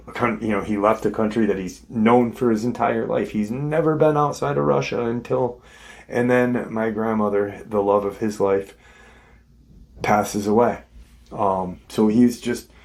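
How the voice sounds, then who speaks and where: A man's voice: on the low side, steady tone, a little slow. A man hosting his show, casually retelling a witness's story in a conversational way. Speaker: host.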